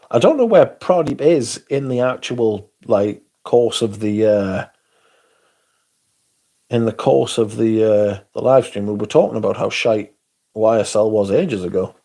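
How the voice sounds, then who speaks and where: A man's voice: mid-range voice, vocal fry, warm tone. A man hosting a casual livestream, sweary and sardonic, reading chat aloud as he talks. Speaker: livestream host.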